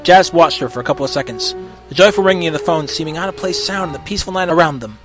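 A man narrating a story in an expressive reading. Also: a little high, racing, music in the background. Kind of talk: storybook reading of fan fiction.

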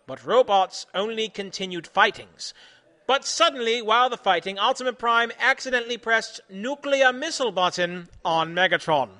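A man doing a deadpan comic reading in deliberately broken English, in a mock-pompous manner, yelling the quoted lines. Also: sits high. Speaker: host reading comic stories.

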